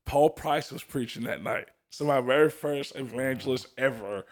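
A man's voice: medium pitch, moderate pace. A young man sharing his personal testimony in a casual chat, telling it earnestly with frequent laughs. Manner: earnest storytelling, laughs often, restarts.

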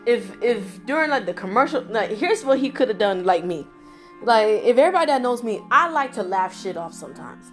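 A young woman hosting a podcast, talking straight to her listeners in an animated way and laughing often. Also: a little high. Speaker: podcast host. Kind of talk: casual opinion monologue.

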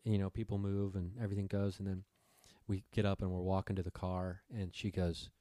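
A man's voice: sits low, level tone, a little fast, dark tone, no echo, studio quality. A man telling a long rambling story in casual chat, swearing freely and acting out what people said.

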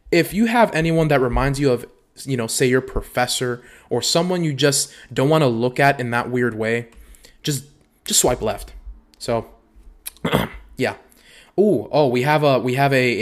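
A man's voice: medium pitch, normal speed. A young man hosting a podcast, reading dating bios aloud and riffing on them with profanity and frequent laughter. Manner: profane, animated, laughs a lot. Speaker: podcast host. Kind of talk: casual comedic commentary.

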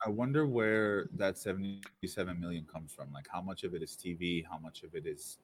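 A man in a casual chat, thinking out loud and asking questions. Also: low-pitched, brisk, slight background noise.

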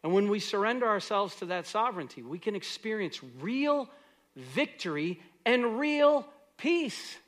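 A man's voice: high-pitched, very animated, measured pace. Earnest preaching pastor, man. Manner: earnest preaching that swings from loud exhortation to soft prayer. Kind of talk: sermon.

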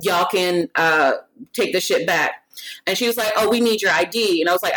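A woman in casual chat, telling a story in an animated, profane way and acting out what each person said. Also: on the low side, normal speed, rough recording.

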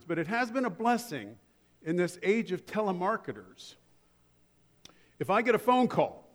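Male pastor, sermon, conversational with humorous stories, slightly high voice, long church reverb. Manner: conversational preaching with humorous asides.

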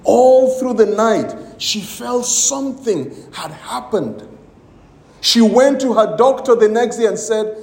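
Animated, slow-preaching man in an echoey room. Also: very high voice, creaky. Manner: storytelling with acted-out quotes, emphatic preaching. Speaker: pastor. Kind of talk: sermon.

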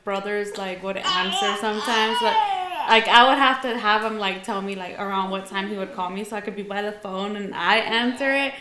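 A young woman guest in casual chat, telling stories softly and trailing off with "whatever.". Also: medium pitch, expressive, normal speed, reverberant, a crowd in the background. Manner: soft-spoken storyteller, trails off with "whatever". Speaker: podcast guest.

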